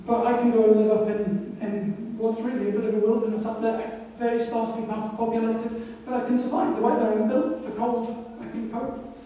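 A woman's voice: a little high, little pitch movement, moderate pace, few pauses, warm tone. A woman missionary giving a sermon, telling her own story in a reflective way. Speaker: missionary speaker. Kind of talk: sermon with personal testimony. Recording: echoey hall from far off.

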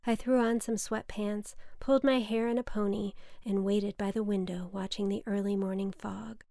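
A young woman narrating a personal essay in a wry, deadpan way. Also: mid-range voice, moderate pace, creaky, dry recording, clean studio sound. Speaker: storyteller.

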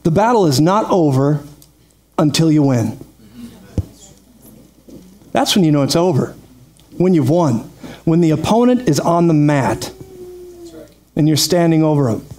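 A man preaching a lively sermon, energetic and quick to laugh, calling out praise to his congregation. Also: a little high. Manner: energetic, laughs often, calls out "praise God". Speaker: pastor.

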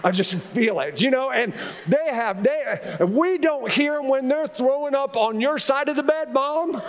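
A middle-aged man delivers a sermon in a fairly high voice, chatty and joking, often restarting his sentences. His voice carries a long reverb, as in a large church sanctuary. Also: lively intonation, a little slow. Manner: conversational, repetitive restarts, humorous asides. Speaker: pastor.

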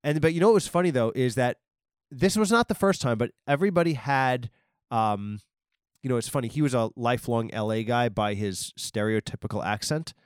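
Casting: male podcast host from Long Island, meandering comic storyteller, mid pitch, crisp and dry. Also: fairly quick, no echo. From Long Island, New York. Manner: meandering, many ums and likes, self-interrupting. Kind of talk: rambling comic storytelling monologue.

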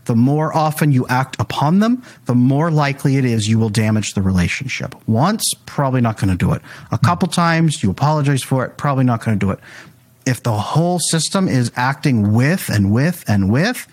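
A man's voice: medium pitch, a little fast, slightly rough. A man on a casual talk podcast, telling parenting stories animatedly and acting out the lines he said to his children. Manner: animated storyteller acting out dialogue with his kids. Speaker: guest parenting speaker.

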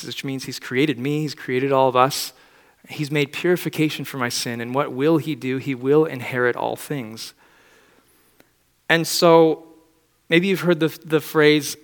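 A man's voice: medium pitch, measured pace, big-room sound. A man preaching a sermon in a conversational, reflective way, often asking rhetorical questions.

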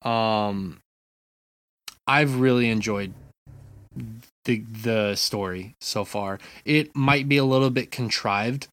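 A man co-hosting a casual gaming podcast from his apartment, telling stories with lively swearing and restarts. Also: medium pitch, takes it slowly, pauses often, dry recording. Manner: animated storytelling, frequent swearing. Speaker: podcast co-host. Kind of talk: casual chat.

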